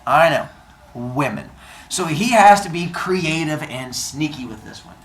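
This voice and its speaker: A woman's voice: sits low, lively intonation, a little slow. A woman teacher playfully telling a myth to children and quizzing the class, in an echoey classroom from a distant mic. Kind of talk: storytelling to children.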